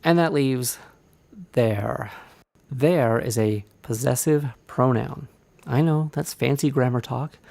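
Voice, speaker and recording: A man from Indiana narrating a scripted writing lesson, explaining clearly and deliberately with examples. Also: medium pitch, a little mellow, no echo. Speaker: writing instructor.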